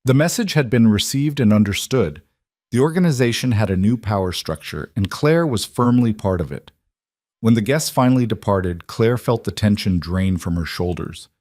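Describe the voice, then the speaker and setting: A man reading a dramatic romance story as narrator, in a measured, even way. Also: fairly low pitch, no room sound, clean studio sound. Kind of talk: scripted narration.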